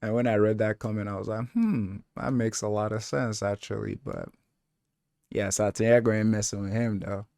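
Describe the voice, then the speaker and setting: A man's voice: fairly low pitch, level tone, normal speed, vocal fry, a little mellow, dry recording, studio quality. A man giving casual reaction commentary on a TV show, rambling in a laid-back way with many filler words. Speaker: reaction video host.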